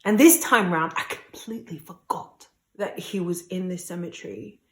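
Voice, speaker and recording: A woman vlogging casually to camera while traveling, shifting between playful chatter and quiet emotion. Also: on the low side, normal speed, echoey room. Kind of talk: casual vlog talk to camera. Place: outdoors at cemeteries.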